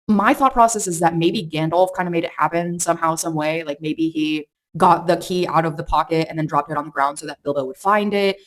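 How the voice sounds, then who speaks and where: A woman chatting casually through a book review vlog, rambling with lots of fillers and restarts. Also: on the low side. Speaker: book vlogger.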